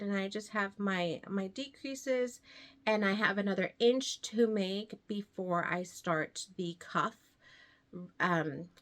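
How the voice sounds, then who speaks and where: Chatty, slightly breathless woman vlogger. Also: on the low side. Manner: chatty, rambling, laughs often. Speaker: knitting vlogger. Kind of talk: casual chat to camera.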